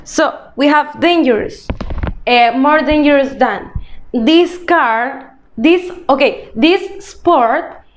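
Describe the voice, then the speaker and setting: A woman's voice: sits high, slow. A woman teacher, patiently explaining a grammar lesson step by step, often checking in with "okay?". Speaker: English teacher. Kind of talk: recorded grade-school grammar lesson.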